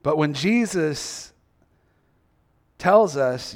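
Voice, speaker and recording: A man's voice: on the high side, animated, drawn-out words, long pauses. A male preacher giving a sermon, acting out quoted reactions and asking the listeners many questions.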